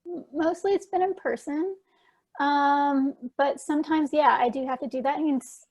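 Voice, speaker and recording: A woman's voice: high voice, steady tone, moderate pace, darkish tone. A woman answering questions at an online talk in a chatty way, with lots of fillers and restarts. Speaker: guest speaker answering questions. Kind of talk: casual conference Q&A.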